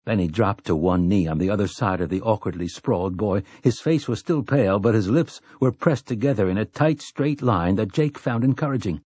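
A man reading a novel aloud as an audiobook narrator in measured storytelling. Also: lowish voice, a little mellow, slightly rough, no echo. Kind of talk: scripted narration.

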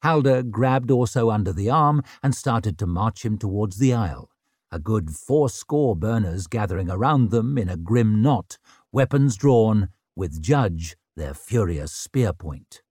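A man's voice: lowish voice, animated, a little slow, a little mellow, husky, no echo, studio quality. A man reading a novel aloud as an audiobook narrator, telling the story dramatically. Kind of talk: scripted narration.

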